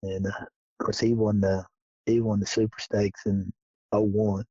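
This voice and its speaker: Gravelly man telling stories. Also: fairly low pitch, flat delivery, a little slow, warm tone, no room sound. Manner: folksy, drawling, laughs through stories. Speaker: guest. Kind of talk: casual storytelling. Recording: dull lo-fi podcast audio.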